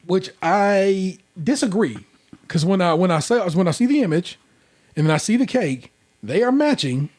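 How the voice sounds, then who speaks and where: A man's voice: sits high, big pitch swings, normal speed, darkish tone. A man hosting a casual podcast, recapping in a rambling, conversational way with lots of fillers. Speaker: podcast host. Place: indoor room, recorded in person.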